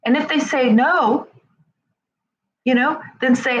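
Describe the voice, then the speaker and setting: A woman's voice: high voice, slow, long pauses, highs cut off, a little hiss or hum. A woman giving a conversational self-help talk, speaking straight to her listeners and often checking in with "right?". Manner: animated, acts out quoted voices.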